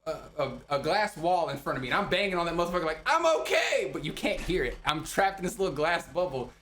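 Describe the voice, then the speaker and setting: Animated profane young man telling a story. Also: fairly high pitch, quick pace. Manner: animated, profane, laughing storyteller acting out quotes. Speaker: podcast co-host. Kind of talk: casual storytelling chat.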